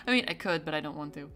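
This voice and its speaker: A young woman streamer chatting casually with her viewers, laughing often and trailing into quick asides. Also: low voice.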